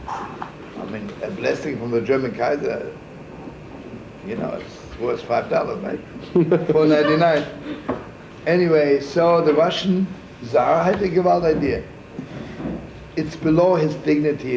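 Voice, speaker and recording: A man's voice: on the high side, unhurried, gravelly, pauses often, a little mellow, slight background noise. A man, a rabbi, telling a story in a folksy, digressive way, sprinkling Yiddish words and asking "right?" as he goes. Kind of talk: informal storytelling talk. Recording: echoey, muffled archival room recording.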